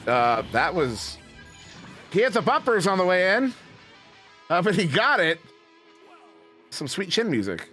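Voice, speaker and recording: A man casting an esports match, goofy and rambling between plays, then excited play-by-play calls. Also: high voice, a little slow, pauses often, soft background music. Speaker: esports caster. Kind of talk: play-by-play commentary.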